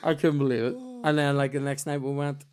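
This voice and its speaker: A man, hosting a podcast and telling animated, sweary stories in casual chat. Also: medium pitch, brisk, smooth. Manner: animated, sweary, acts out voices in his stories. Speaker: podcast host.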